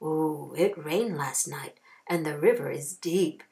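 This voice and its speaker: A woman's voice: deep voice, takes it slowly, warm tone, recorded from a distance, pitched below the performer's own voice. A woman voicing a sly male coyote who coaxes in a friendly-sounding way. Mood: coaxing.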